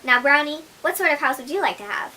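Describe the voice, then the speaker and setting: A woman's voice: high voice, animated, quick pace, sharp tone, slight background noise, pitched above the performer's own voice, rough recording. A woman reading aloud voices an old, feeble mother pig who warns her children earnestly. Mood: pleading. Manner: earnest, warning storybook voice.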